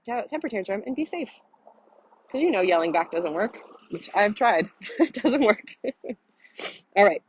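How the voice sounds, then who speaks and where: A woman's voice: medium pitch, dry recording, rough recording. A woman wellness coach talking casually to camera while walking outdoors, earnest and open, with frequent restarts. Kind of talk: casual vlog talk to camera. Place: outdoors, walking in an orange grove.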